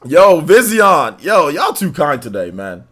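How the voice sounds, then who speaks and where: A young male streamer chats casually with his viewers, full of slang and easy laughter. His voice sits a little high and swings widely in pitch. Faint music plays behind him. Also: big pitch swings, unhurried, a bit bright, breathy edge. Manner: laid-back slangy banter, laughs often. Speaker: livestream host. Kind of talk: casual livestream chat reading donations.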